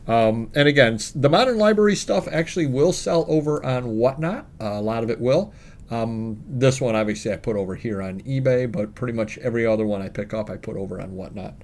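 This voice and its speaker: A man's voice: medium pitch, fairly quick, darkish tone. Male co-host, chatty and rambling, fillers and asides while he lists items. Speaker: co-host of a reselling show. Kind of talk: casual chat about sales.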